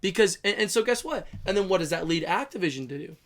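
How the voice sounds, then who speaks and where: A man co-hosting a casual podcast chat, talking emphatically and quick to agree. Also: high voice, expressive, fairly bright tone. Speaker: podcast co-host.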